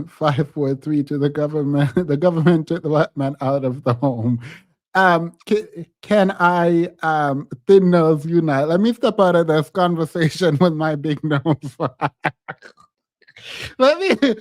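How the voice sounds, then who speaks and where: A man's voice: a little high, slow, no room sound, clean studio sound. A man hosting a live stream, telling a story in a casual chat and laughing often. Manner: laughs often, talks animatedly.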